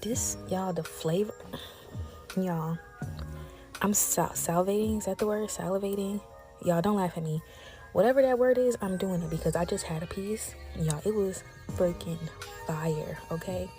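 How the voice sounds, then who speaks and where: Girl chatting thru a cooking vlog, lowish mellow voice, y'all every other line, soft music behind. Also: moderate pace. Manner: chatty, talks straight to viewers, calls them y'all and besties. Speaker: cooking creator. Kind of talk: casual cooking vlog chat.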